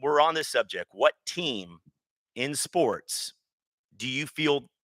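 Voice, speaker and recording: A man's voice: mid-range voice, animated, slow pace, fairly bright tone, no echo. A man hosting a casual sports talk show, rambling and joking with plenty of restarts. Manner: rambling, jokey, with lots of restarts.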